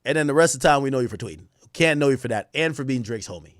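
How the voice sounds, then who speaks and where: Live-streaming, a young man reacts to chat and posts by trash-talking basketball players, loud, profane and excitable. He talks very fast, his pitch and volume jumping suddenly, in studio-quality sound with no echo.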